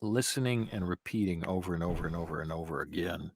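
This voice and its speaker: A man guesting on a casual podcast as a voice actor, chatting in an animated and playful way, with loud bursts and quieter asides. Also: low-pitched, fast, creaky, no echo. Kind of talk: casual podcast interview chat.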